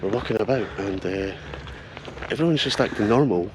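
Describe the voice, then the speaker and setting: A Scottish man hosting a casual travel vlog outdoors, narrating excitedly and joking as he walks around a festival campsite. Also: fairly low pitch, moderate pace. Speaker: vlogger host. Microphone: handheld camera. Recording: outdoor camera audio with steady noise.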